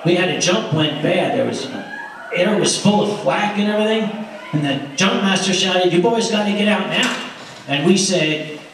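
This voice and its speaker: A man acting out a boastful old veteran, pitched up and louder as he spins an excited tall tale. The voice rings around a large echoey room, caught by a faraway mic with faint noise. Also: distant mic, natural voice.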